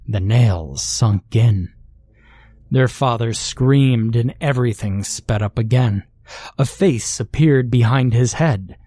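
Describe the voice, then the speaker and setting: Slow, measured horror narrator, man. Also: mid-range voice, mellow, dry recording. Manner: slow, measured, dramatic storytelling.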